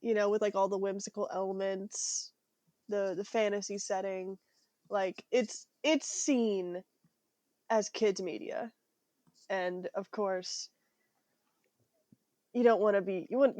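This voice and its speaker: A woman's voice: medium pitch, a little slow, pauses often, mellow, no echo. A young adult woman co-hosting a podcast, chatting casually with many fillers and giggles. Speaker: podcast co-host.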